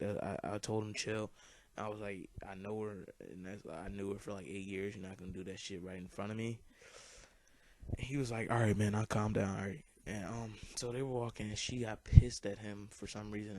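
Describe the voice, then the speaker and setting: A man's voice: on the low side, mellow, no room sound. A teenage boy telling a long personal story over gameplay, rambling, swearing freely and filling his talk with "like". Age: teens. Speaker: gaming commentator.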